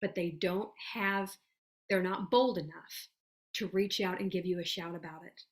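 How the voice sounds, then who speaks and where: A woman giving an earnest, chatty motivational talk to her network marketing team, full of "you guys" and "y'all", sometimes dropping to a soft voice to act out sample messages. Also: on the low side, steady tone, normal speed.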